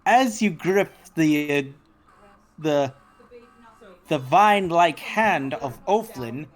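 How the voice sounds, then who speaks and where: A woman narrating as game master for a tabletop game, slow and halting with many restarts. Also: sits low, animated.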